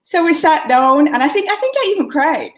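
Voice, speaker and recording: A woman's voice: sits high, lively intonation, brisk, roomy sound. Earnest Jamaican woman in her fifties. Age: 50s. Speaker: guest, holistic coach. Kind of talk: casual chat.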